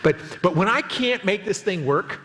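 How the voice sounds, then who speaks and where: A man in his fifties preaching a sermon as pastor, telling a story with lively acted quotes. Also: high-pitched, moderate pace, big-room sound. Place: church auditorium.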